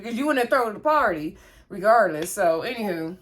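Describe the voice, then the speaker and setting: A woman's voice: mid-range voice, animated, a little fast. A woman, casually recapping a reality show episode in a chatty, gossipy way. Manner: chatty, gossipy, acts out the cast's lines.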